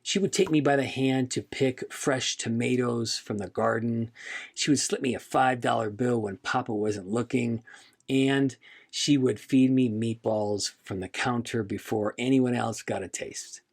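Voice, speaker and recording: Slow, gravelly-voiced man telling his story. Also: medium pitch, fairly even intonation. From United States. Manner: slow, reflective and heartfelt. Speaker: podcast host. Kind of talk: scripted personal narration.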